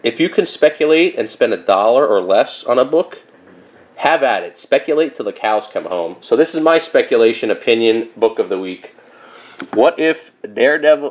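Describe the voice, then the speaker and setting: A man in his thirties talking casually and rambling through a comic book haul, with lots of fillers and animated asides. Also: medium pitch. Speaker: comic collector vlogger.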